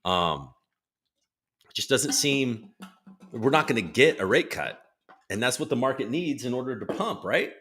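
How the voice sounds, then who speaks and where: A man's voice: medium pitch, big pitch swings, a little slow, long pauses, a bit bright, husky, soft background music. A man hosting his own livestream, chatting loosely about markets and reading out viewer comments, swearing now and then. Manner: rambling, loose, swears casually. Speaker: livestream host.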